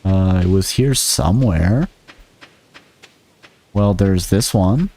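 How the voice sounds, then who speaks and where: A man's voice: low-pitched, takes it slowly, warm tone. A man streaming a farming game, chatting to viewers in a goofy, rambling way with silly sing-song bits. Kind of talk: casual gameplay commentary.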